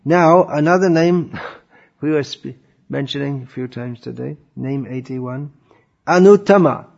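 A man teaching a lecture on scripture, thoughtful and pausing often with fillers, on a dull lo-fi recording. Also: fairly high pitch, gravelly, darkish tone. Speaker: religious teacher.

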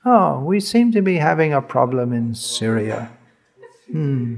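A man voicing a polished, well-dressed demon on the phone who speaks smoothly and politely with quiet menace. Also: mid-range voice, unhurried. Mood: silkily polite.

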